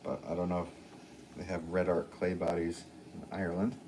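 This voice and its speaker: A man's voice: sits low, completely flat delivery, fairly quick, a little mellow, a little hiss or hum. A man live-streaming from his pottery studio, chatting casually with viewers and answering their comments while he works clay.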